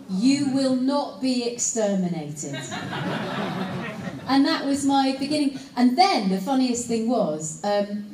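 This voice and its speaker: A woman, an actress, telling a lively anecdote to a live audience and teasing them with asides. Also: mid-range voice. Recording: echoey hall, voice picked up from a distance, faint room noise.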